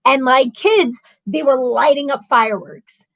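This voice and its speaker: A woman's voice: high-pitched, measured pace, gravelly, dry recording, poor audio. Chatty woman hosting a live stream. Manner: chatty, rambling, reads comments aloud and answers them; animated storytelling with laughter. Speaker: livestream host reading viewer comments. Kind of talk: casual live chat.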